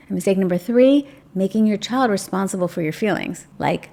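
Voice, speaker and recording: Gravelly, mellow-voiced woman giving parenting advice. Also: medium pitch, moderate pace, hardly any pauses. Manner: gentle, reassuring, acts out sample phrases. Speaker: parenting channel host. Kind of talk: direct-to-camera advice talk.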